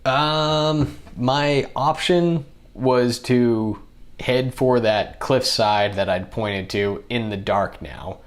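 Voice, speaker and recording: A young man, a podcast guest, telling a story in a casual, animated way and acting out what others said. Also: medium pitch, extremely slow. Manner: animated, acts out other people's lines in the telling.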